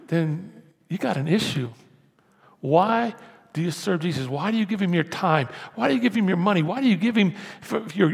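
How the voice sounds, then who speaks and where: A male pastor preaching in a church sanctuary, his voice gravelly and a touch higher than most men's. He shifts from quiet, hushed asides to loud, emphatic pushes. The sound carries a long reverb from the hall. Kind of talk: sermon.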